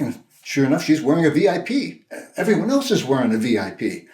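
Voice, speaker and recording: An older man, a minister, telling a personal story in a sermon, in a gentle, conversational, halting way with many restarts. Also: mid-range voice, big pitch swings. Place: church sanctuary. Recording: roomy echo.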